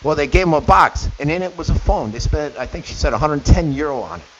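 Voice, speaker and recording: A middle-aged radio host delivers an indignant opinion monologue full of sarcastic asides, his slightly high voice expressive and quick. The recording is dull and lo-fi with faint hiss.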